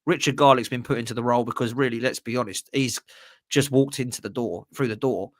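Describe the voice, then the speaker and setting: A man's voice: medium pitch, quick pace, dry recording, clean studio sound. A man in casual football chat, ranting bluntly and emphatically.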